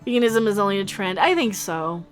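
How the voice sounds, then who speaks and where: A woman on a casual livestream who chats and rambles as she answers the chat. She is excitable, with gasps and little laughs. Soft music plays faintly behind her. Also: medium pitch, fairly quick. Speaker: livestream host reading chat.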